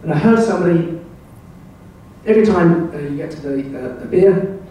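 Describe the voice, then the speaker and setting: A man's voice: a little high, normal speed, warm tone, distant mic, a little hiss or hum. Older Englishman giving a wry talk in an echoey hall. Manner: anecdotal, wry storytelling. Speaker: club speaker. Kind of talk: presentation talk with slides. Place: club meeting room. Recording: very echoey room, voice heard from afar.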